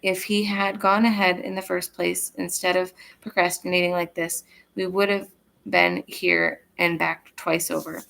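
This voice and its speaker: A woman reading the lines of a determined grown brother who vows to protect his sibling, in an earnest, steady reading voice. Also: on the low side, unhurried, gravelly, poor audio. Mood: pleading.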